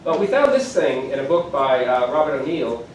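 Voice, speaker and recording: The keynote speaker, a man in his sixties, sounds very animated at normal speed in a mid-range voice, keeping the lecture conversational and self-deprecating. Captured from a distance, the echoey hall adds faint ambience and slight background noise.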